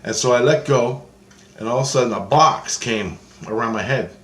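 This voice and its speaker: Male storyteller, mid pitch, recounts a vision in a loose, repetitive monologue, recorded in an echoey room. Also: normal speed, fairly bright tone. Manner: meandering, restarts often, repeats phrases. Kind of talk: rambling first-person account of a spiritual vision.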